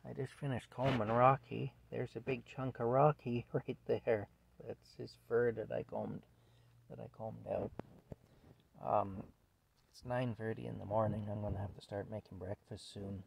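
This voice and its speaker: A man's voice: fairly low pitch, little pitch movement, normal speed, vocal fry, slight background noise. A man casually telling a rambling story at home, with chuckles and fillers. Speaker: vlogger telling stories.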